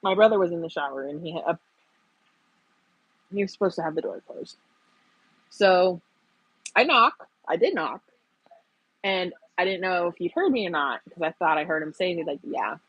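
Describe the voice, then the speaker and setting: A woman's voice: on the low side, animated, moderate pace, pauses often, fairly bright tone, husky, no room sound, dull audio. A young woman hosting a casual stream, telling stories and laughing often. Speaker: streamer host. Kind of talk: casual chat. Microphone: earbuds.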